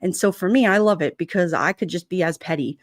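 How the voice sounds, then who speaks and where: A woman's voice: fairly low pitch, fast talker, no room sound, studio quality. A middle-aged woman from Brooklyn with a New York accent, telling a neighbor story on a casual livestream, laughing often and acting out the voices in her story. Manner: animated, laughing often, acts out quotes. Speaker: livestream vlogger.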